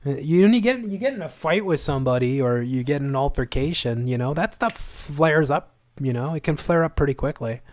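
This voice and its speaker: A man's voice: a little high, animated, fairly quick. A man hosting a live stream, ranting in angry, sarcastic, repetitive bursts of commentary. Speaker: livestream host.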